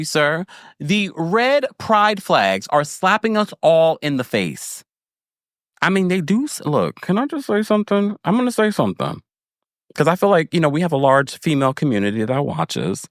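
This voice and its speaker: A man's voice: fairly high pitch, moderate pace, no echo, studio quality. A man hosting a podcast, recapping reality TV in a casual, playful and frank way, with the tone of a big brother to his listeners. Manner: animated and playful, with frequent laughs and asides. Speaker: podcast host.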